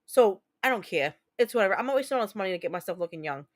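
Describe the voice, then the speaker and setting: Talking very fast in a lively, mid-range voice, a woman in her thirties runs a casual livestream. She tells stories and addresses viewer comments in a candid, chatty, profane way.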